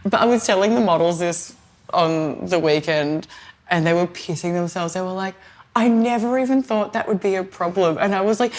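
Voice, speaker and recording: A woman's voice: fairly low pitch, normal speed. An Australian woman co-hosting a podcast, telling a story in a chatty, rambling way with lots of "like". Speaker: podcast co-host. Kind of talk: casual chat.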